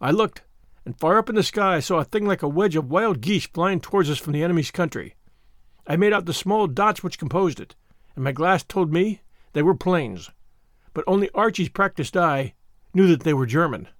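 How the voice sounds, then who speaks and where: A man narrating a novel in the first person, measured and earnest. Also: on the high side, expressive, dry recording, studio quality. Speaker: audiobook narrator. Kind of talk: scripted narration.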